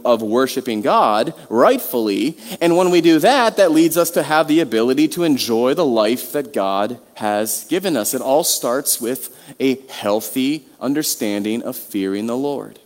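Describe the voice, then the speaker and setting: A man's voice: medium pitch, expressive, normal speed, hardly any pauses. A man preaching a sermon in a conversational way, with many restarts and rhetorical questions. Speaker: pastor. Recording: long hall reverb.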